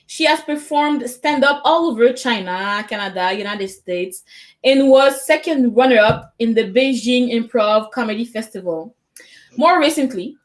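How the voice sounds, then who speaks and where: A woman hosting a comedy show, introducing acts with playful, laughing banter. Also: on the high side. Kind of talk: bilingual stand-up hosting banter.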